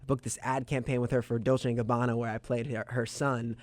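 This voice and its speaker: A young man in his twenties, a singer-songwriter guest in a radio studio interview, telling stories with animated quoted bits. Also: medium pitch, brisk. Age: 20s. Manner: animated storyteller, quotes others in lively bursts.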